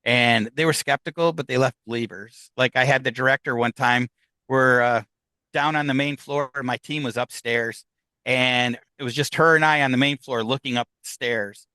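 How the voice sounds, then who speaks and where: A man tells of his ghost hunts in an easy conversational way, his tone bright and ringing. The sound is close and dry, with no room around it. He acts out the lines of the people in his stories. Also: mid-range voice, moderate pace, dry recording, low-quality recording. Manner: animated anecdotes, acts out quoted dialogue. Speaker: guest, paranormal investigator. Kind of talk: casual storytelling interview.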